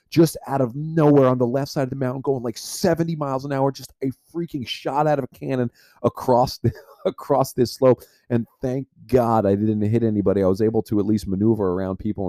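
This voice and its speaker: A podcast host with a warm, medium-pitched voice tells a personal story, rambling along and leaning heavily on the filler "like." The recording has no room sound.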